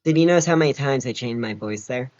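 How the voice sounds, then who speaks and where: High-voiced 18 yo dude on a muffled call, casual chat, keeps messing w his pitch. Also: fast talker, a little mellow. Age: late teens. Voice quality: naturally high voice. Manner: playfully shifts his pitch up and down. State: dry mouth. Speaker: friend on a call.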